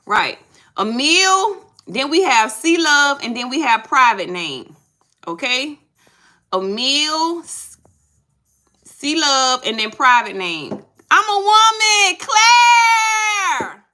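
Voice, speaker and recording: A woman's voice: sits high, expressive, takes it slowly, bright, forceful tone, rough recording. A woman reading tarot on a live stream, chatting casually with viewers and repeating herself as she sorts out names. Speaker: tarot reader.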